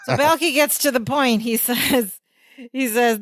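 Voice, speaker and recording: Woman, podcast co-host, casual recap, acts out quotes, higher voice, dry sound. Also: measured pace, dry recording. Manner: animated play-by-play retelling with acted-out quotes.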